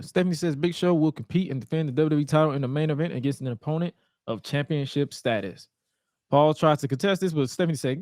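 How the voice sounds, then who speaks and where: A man with a fairly high voice recaps wrestling on a podcast. His storytelling is animated, and he keeps slipping into put-on voices for the quotes. The sound is dry and close. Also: quick pace, no room sound. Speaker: podcast co-host.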